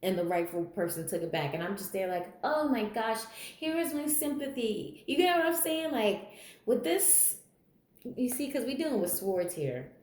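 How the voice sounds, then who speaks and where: A woman's voice: mid-range voice, sing-song, moderate pace, darkish tone, echoey room. A woman giving a general tarot reading in a blunt, candid, chatty way, swearing freely and laughing as she talks. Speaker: tarot reader.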